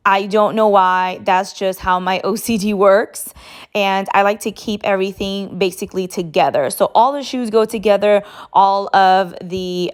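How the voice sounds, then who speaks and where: A woman's voice: medium pitch, clean tone. Chatty young woman touring her closet. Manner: chatty, slangy, drops Spanish phrases. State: out of breath. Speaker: vlogger. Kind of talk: casual chat. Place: walk-in closet at home.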